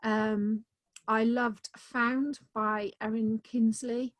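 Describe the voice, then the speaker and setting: A woman's voice: on the high side, flat delivery, drawn-out words, no echo. A woman author talking enthusiastically about her books in a casual video-call interview, with many "um"s. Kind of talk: casual conversation.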